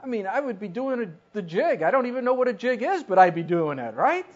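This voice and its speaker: A preacher giving a sermon in an animated way, often putting questions to the listeners. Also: mid-range voice, fast. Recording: dull lo-fi recording.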